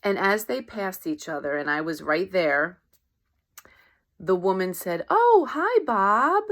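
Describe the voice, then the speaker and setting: A woman's voice: lowish voice, a little slow, a bit bright. A woman life coach talking in a casual motivational monologue, conversational, often checking in with "right?" and acting out everyday exchanges. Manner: conversational, acts out quoted voices, keeps asking "right?".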